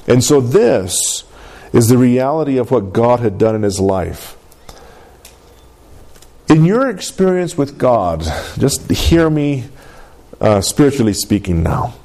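A man's voice: mid-range voice, mellow. A man preaching a sermon in a conversational way, often checking in with his congregation. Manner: conversational, keeps asking the congregation "Amen?". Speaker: pastor.

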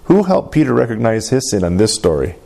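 A man's voice: lowish voice, sing-song, fairly quick, creaky, dark tone. A man leading a Bible lesson, asking the group questions and tagging sentences with "right?". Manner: asks the group questions, keeps adding "right?". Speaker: Bible study teacher.

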